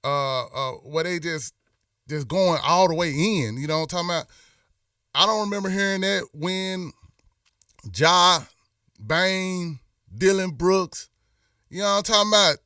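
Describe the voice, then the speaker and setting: Middle-aged man, rambling live-stream host, higher voice, dry room. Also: unhurried, long pauses, pushed and bright, clear, resonant tone, no echo, distant mic. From Memphis. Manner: rambling and impassioned, many restarts and fillers. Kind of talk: casual live-stream talk.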